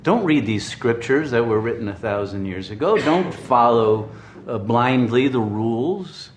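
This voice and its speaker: Male spiritual teacher, mid-pitched, chuckles as he tells stories, recorded in an echoey room. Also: unhurried, hardly any pauses. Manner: chuckling, animated storytelling with restarts. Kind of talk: storytelling dharma talk.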